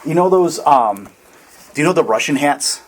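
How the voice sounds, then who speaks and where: A man running a tabletop game as dungeon master, describing scenes in a relaxed, rambling way with lots of fillers. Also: a little high, moderate pace, rough recording.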